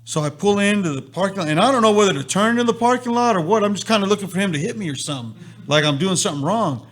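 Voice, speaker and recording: A man hosting a live stream speaks quickly in a high-pitched voice. He tells a long story as an animated storyteller, acting out the lines of the people in it.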